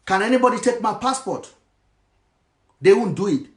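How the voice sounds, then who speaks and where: A man's voice: sits high, animated, moderate pace, echoey room. A Nigerian man speaking in a passionate monologue, mixing in Pidgin phrases. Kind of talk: impassioned monologue.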